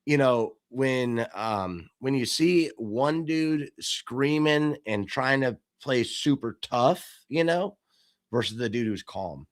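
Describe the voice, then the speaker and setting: Here a podcast host with a medium-pitched voice talks slowly in a casual discussion, narrating stories with energy and voicing the quoted lines himself.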